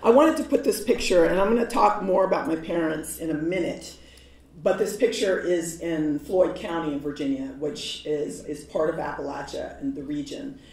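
A woman from New York giving a lecture, telling stories in a lively, humorous way. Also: deep voice, moderate pace. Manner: animated, humorous storytelling with laughs. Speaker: guest lecturer. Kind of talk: storytelling lecture. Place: large lecture hall. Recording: echoey hall, voice from far off.

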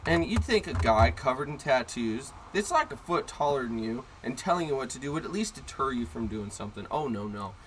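A man hosting a podcast, telling a story in a profane, sarcastic, animated way. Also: medium pitch, fairly quick, hardly any pauses, slight background noise. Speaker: podcast host. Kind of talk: casual storytelling chat. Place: in a car.

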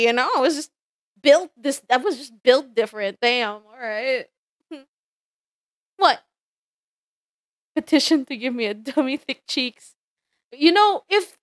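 Giggly young woman on stream, high pitched, unhurried, playful fake outrage, dry close mic. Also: a bit bright, dry recording. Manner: giggly, teasing and playfully indignant. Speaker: VTuber streamer. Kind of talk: casual live-stream chat.

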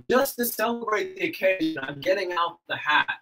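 Young male streamer, casual rambly chat with frequent laughs; bright, slightly high voice. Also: expressive, moderate pace. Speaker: livestreamer.

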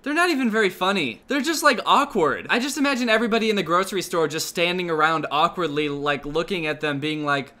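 A young man delivers sarcastic reaction commentary in a bright, slightly high voice. He mostly stays dry and deadpan, then suddenly bursts out in exasperation. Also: fast, few pauses. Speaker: commentary YouTuber.

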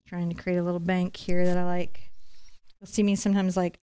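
A woman's voice: on the low side, level tone, a little fast, dark tone, clear, resonant tone. A woman hosting a live acrylic painting tutorial, explaining each step in a chatty, encouraging way. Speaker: painting instructor and live-stream host.

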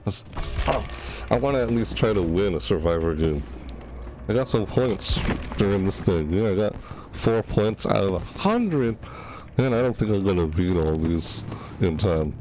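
A man's voice: sits low, animated, normal speed, background noise. A man casually commenting on his own gameplay from a home setup, chatty and easily panicked, talking to himself as he plays. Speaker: gaming channel host.

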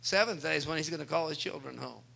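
A man's voice: on the high side, quick pace, vocal fry, pushed and bright. A male pastor preaching a sermon, speaking with emphasis and turning often to address the congregation.

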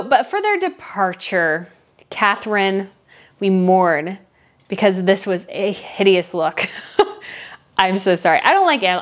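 A woman talking casually as a royal fashion commentator, chatty and opinionated, gushing over some looks and blunt about others. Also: medium pitch. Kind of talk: casual chat.

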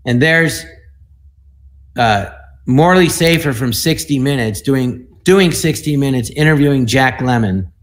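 Male, 60s, from the US. Panel guest, animated storyteller who acts out the dialogue. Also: medium pitch, measured pace. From United States. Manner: animated, acts out other people's lines in the stories. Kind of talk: anecdotal storytelling.

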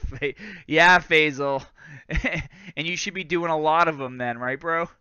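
Speaking at a measured pace with a fairly high, bright and forceful voice, this man hosts a casual live fitness Q&A. He is in his thirties, from Lawrence, Massachusetts, with a light Boston accent, and he's chatty, laughs a lot and keeps saying "bro" and "guys"; the clean-toned audio is dull and lacks room sound.

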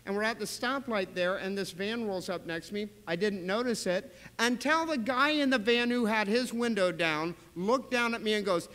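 A man preaching in a church sanctuary, his voice high for a man and bright with a forceful edge. He tells his stories with animated swings and sudden loud bursts. Long church reverb trails behind every phrase. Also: normal speed, few pauses. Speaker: pastor. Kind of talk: sermon.

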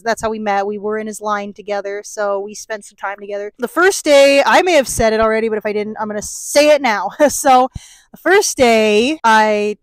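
A young woman chatting in a rambling way to her phone camera in a convention hall, with restarts and small laughs. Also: a little high. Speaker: vlogger. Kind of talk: casual convention vlog. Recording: music playing behind the voice.

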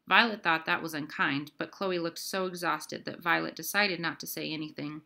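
A woman reads a novel aloud in an even, steady storybook narration. Her voice sits low for a woman. It carries a bright, forceful tone. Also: moderate pace, gravelly, hardly any pauses. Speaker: audiobook reader. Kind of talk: scripted narration.

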